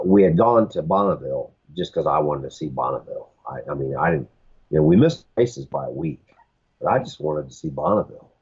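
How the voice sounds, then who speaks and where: Deep-voiced man spinning a rambling story. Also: breathy edge, highs cut off. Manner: rambling anecdotes with quoted dialogue. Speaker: podcast guest. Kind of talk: casual storytelling.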